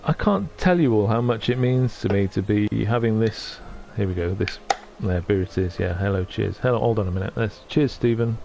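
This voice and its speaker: A middle-aged man chatting on a livestream, soft-spoken and halting, often moved. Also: on the low side, gravelly, noisy background. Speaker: streamer. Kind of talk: casual livestream chat.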